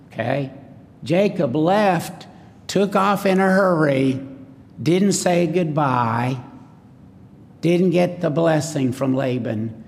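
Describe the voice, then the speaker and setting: Preacher guy, slow and gravelly, folksy sermon, echoey church with a faint rumble. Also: darkish tone. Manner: folksy, asks the congregation questions.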